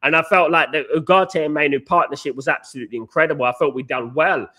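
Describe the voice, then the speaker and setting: A man hosts a football live stream in a loose, rambling way, greeting viewers by name and repeating "of course, guys". His voice is bright and sits a little higher than most men's. He sounds slightly hoarse. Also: fast talker. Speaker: football podcast host. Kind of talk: casual live-stream chat. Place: hotel or flat in Naples, indoors.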